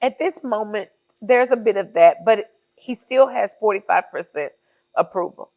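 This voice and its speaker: A woman's voice: medium pitch, normal speed, darkish tone, no echo. A woman co-hosting a casual political chat, emphatic and sardonic as she lays out her points one by one. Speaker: podcast co-host.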